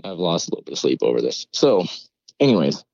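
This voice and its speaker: A man's voice: low voice, very animated, fast, creaky, darkish tone, no room sound, muffled recording. A man, a podcast guest, telling a story casually with loose swearing and rambling asides. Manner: swears freely, rambling retelling.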